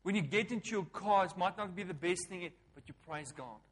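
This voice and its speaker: Brief: male pastor, slightly high voice, emphatic call-and-response sermon delivery. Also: a little fast, husky. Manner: emphatic preaching, swinging between loud calls and hushed lines; repetitive, call-and-response phrasing.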